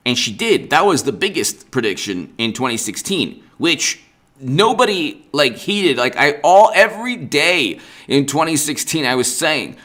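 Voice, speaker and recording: A man's voice: on the high side, big pitch swings, unhurried, fairly bright tone. A man hosting a political livestream, ranting with sarcasm and exasperation and greeting viewers in the chat by name. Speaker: political commentary host.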